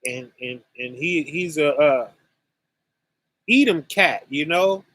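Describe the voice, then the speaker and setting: A man hosting a religious online conference, teaching scripture casually and speaking slowly and deliberately to his chat viewers, often asking "right?". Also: fairly high pitch, fairly bright tone. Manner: slow and deliberate, addressing chat viewers directly; conversational, with frequent "right?" and "you know".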